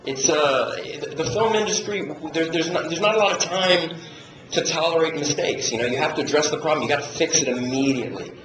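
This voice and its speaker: Filmed on an audience member's handheld camcorder in an echoey, noisy room, a male actor tells casual stories during a convention Q&A. He's profane and lively, cracking up as he imitates people, with a slightly high voice and a slightly quick pace.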